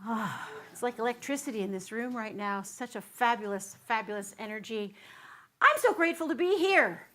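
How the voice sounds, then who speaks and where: Middle-aged woman minister, high-pitched and bubbly, chatting and joking through a sermon. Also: expressive, moderate pace, a bit bright. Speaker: guest minister. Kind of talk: sermon with singing and audience banter. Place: church sanctuary.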